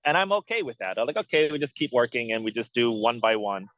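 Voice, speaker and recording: A man's voice: mid-range voice, sing-song, fast, a bit bright, no echo. A man, a film producer, giving candid interview answers with dry jokes. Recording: dull, muffled audio.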